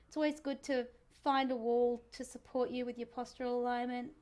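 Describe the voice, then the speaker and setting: A singing teacher leading a relaxed vocal warm-up lesson, chatty and encouraging with self-mocking asides. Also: female voice, fairly high pitch, fairly quick.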